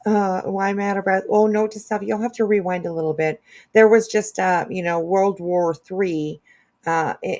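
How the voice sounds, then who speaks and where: Woman, casual live commentary, chatty, laughs often, lowish voice. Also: a little mellow. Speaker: commentary streamer.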